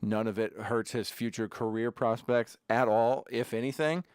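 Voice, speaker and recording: A man's voice: mid-range voice, fairly even intonation, normal speed, a little mellow, clear, resonant tone, dry recording. A man hosting a casual livestream from his home studio, chatting in a rambling way with sarcastic asides between sips of beer. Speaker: livestream host. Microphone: desk camera setup.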